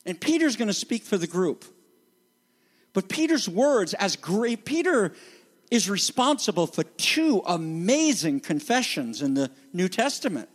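A man's voice: sits high, big pitch swings, unhurried. A pastor, a man, preaching an expository sermon with emphatic, dramatic delivery. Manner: emphatic, dramatic teaching that acts out quoted voices.

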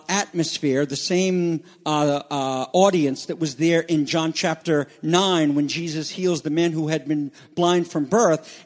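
A pastor preaching a morning sermon in a slightly raised voice. He reads passages aloud and explains them earnestly, now and then stopping to restart a thought. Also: fairly high pitch. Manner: earnest preaching with scripture readings, some restarts.

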